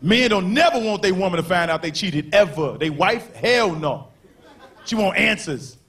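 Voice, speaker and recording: A man doing a stand-up comedy routine on stage, talking in an animated way and acting out characters in quick voices. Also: sits high. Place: comedy club stage before a live audience. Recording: live show with crowd laughter and faint noise.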